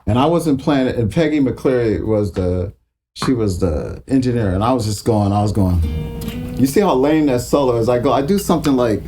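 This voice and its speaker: A man's voice: medium pitch, normal speed, music in the background. A man in his sixties telling casual, profane stories as an interview guest, acting out the voices of people in his stories. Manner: profane, animated, acts out others' voices. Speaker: guitarist guest.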